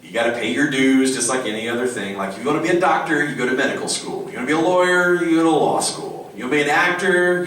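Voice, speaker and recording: Male voice actor on a convention panel, animated and playful, recorded from afar in a big echoey hall. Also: mid-range voice, distant mic, a little hiss or hum. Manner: animated, jokey, slips into silly voices. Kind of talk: casual panel talk.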